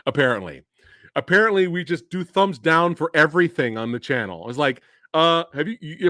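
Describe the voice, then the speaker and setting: A man's voice: on the high side, brisk, dry recording. Guy hosting a movie review stream, swears a lot, laughs a ton, voice jumps all over, dry sound. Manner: profane, excitable, laughs often, rants. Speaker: host of a movie review channel. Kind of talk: casual spoiler review chat on a stream.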